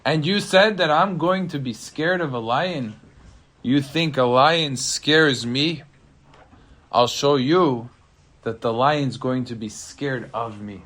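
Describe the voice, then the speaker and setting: A man voicing a wise, unafraid biblical king who speaks in a steady, authoritative, lowered voice. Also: slow. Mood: defiant.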